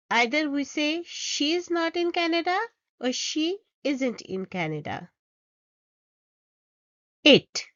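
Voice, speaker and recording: Woman english teacher, slow and patient, lively up-and-down voice, dry slightly muffled audio. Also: high-pitched, no echo. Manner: reads example sentences aloud, explaining each step patiently. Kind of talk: slow, deliberate grammar lesson.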